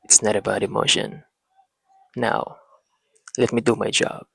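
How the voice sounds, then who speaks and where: A man hosting a parenting talk, speaking in a slow, reflective monologue with frequent pauses and restarts, as if reasoning with himself. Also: lowish voice, little pitch movement, creaky, fairly bright tone, slightly rough, no room sound, low-quality recording. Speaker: parenting channel host.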